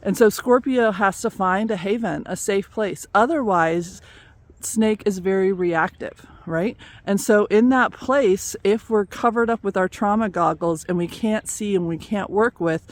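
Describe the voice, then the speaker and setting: A woman's voice: mid-range voice, a little slow. A woman giving a casual spiritual talk, telling a fable in a chatty, storytelling way with frequent laughs. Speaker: spiritual coach.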